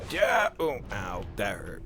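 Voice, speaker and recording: A man's voice: lowish voice, wildly swooping pitch, slow pace, noisy background. A young man chatting casually with viewers while playing a game on stream, laughing often. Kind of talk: casual gameplay commentary.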